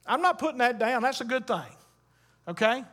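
A man's voice: very high-pitched, animated, moderate pace, fairly bright tone. A man preaching a sermon as a Baptist pastor, emphatic and calling on the congregation to answer back. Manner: emphatic preaching with call-and-response.

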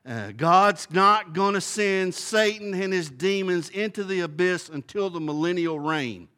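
Man, Bible study teacher, folksy, thinking aloud, high voice. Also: unhurried, bright, forceful tone.

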